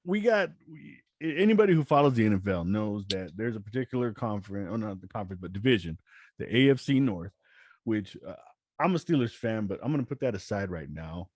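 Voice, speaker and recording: A man's voice: on the low side, a little fast, no room sound, studio quality. A man hosting a podcast in casual chat, telling stories with energy and stumbling over restarts. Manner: animated storytelling, stammers on restarts. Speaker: podcast host.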